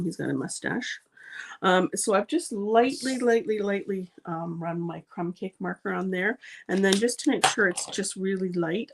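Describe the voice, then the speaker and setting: A woman's voice: fairly low pitch, slight background noise. A woman hosting a live card-making demonstration, chatty and gushing, with frequent ums as she works. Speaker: card-making channel host.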